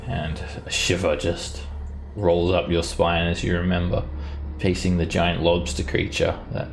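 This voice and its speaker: Casting note: male dungeon master, low-ish voice, steady descriptive narration, some noise underneath. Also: a little slow, vocal fry. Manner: descriptive, steady scene-setting. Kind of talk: narrating a tabletop game. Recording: background noise.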